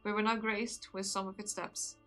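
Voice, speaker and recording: A woman reading aloud the lines of a rueful young nobleman who became a vampire, in a measured, somber way in her own voice. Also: mid-range voice, level tone, a bit bright, faint music behind, close to an everyday voice. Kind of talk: reading a visual novel aloud.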